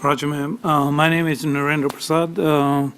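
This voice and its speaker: A man testifying at a tax appeal hearing, halting and full of fillers as he grows emotional telling his story. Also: on the high side, flat delivery, a bit bright, a little hiss or hum. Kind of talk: unscripted testimony.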